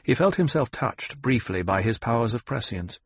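A man narrating an audiobook in a measured, dramatic reading. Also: medium pitch, lively intonation, slightly rough, no room sound. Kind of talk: scripted narration.

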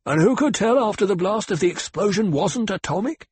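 A proud, prickly older security chief, played by a male reader, biting off his words in a clipped, defensive growl. The voice is raspy and husky, a little high. It's recorded close and dry in an audiobook reading. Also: expressive, brisk, darkish tone, no room sound, exaggerated voice. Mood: stiff, defensive. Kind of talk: audiobook character voice.

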